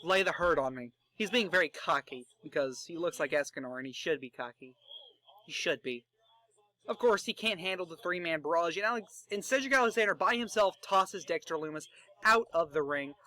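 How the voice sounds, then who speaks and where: An excitable young man talking through an imagined wrestling match, joking and swearing freely. His voice is high and bright, and he pushes through the narration with eager energy. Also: brisk, no echo. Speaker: fantasy booker. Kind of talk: casual commentary narration.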